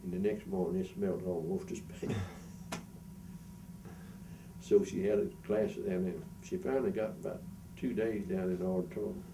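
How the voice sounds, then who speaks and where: Older man spinning a yarn, low gravelly voice, noisy distant recording. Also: moderate pace. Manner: animated anecdote telling, chuckles. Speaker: interviewee, former school custodian. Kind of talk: storytelling interview. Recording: distant mic with background noise.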